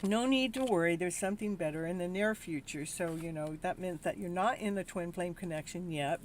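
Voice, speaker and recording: A woman's voice: fairly low pitch, a little hiss or hum. A tired, worn-out woman hosting a live tarot reading, rambling and exasperated as she talks to her viewers. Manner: rambling, weary and exasperated, with frequent restarts. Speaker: tarot reader and show host.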